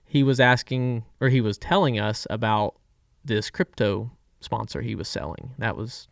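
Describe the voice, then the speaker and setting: A man in his thirties from Florida, a guest driver telling stories in a relaxed, candid way with frequent trailing pauses. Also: lowish voice, creaky, no echo, clean studio sound. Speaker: guest race car driver. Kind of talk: casual storytelling.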